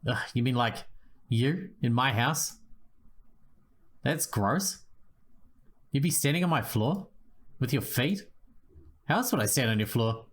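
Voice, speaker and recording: A man's voice: mid-range voice, animated, measured pace, long pauses. A man voicing a blunt, easily disgusted woman receptionist in a game, reading her with whiny sarcasm. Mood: put-upon.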